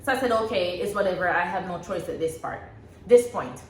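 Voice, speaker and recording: A young woman vlogger casually telling a personal story, animated and laughing often as she acts out what she said. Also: lowish voice, brisk. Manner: animated, laughs often, reenacts her own past words. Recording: echoey room with faint background hum.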